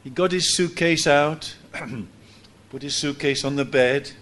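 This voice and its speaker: A man preaching a sermon in church, telling a story lively and acting out what people said. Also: on the high side, slow. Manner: animated storytelling, acts out quotes with laughs.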